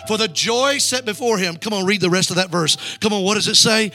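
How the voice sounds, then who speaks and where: A man's voice: sits high, brisk, few pauses, pushed and bright, faint music behind. A male evangelist preaching a revival sermon in a church, urging the congregation to call back lines. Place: church sanctuary.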